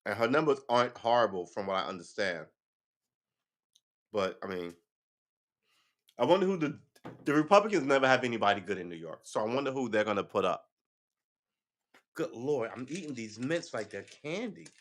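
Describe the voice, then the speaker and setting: A man's voice: mid-range voice, big pitch swings, brisk, a bit bright. A man reads news headlines aloud on a casual live stream and adds sarcastic, offhand comments as he thinks aloud.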